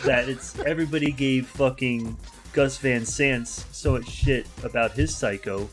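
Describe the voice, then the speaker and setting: A man's voice: mid-range voice, unhurried, over loud music. Opinionated man in podcast banter. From lives in Tennessee. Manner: opinionated, swears often. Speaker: podcast co-host. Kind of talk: casual chat.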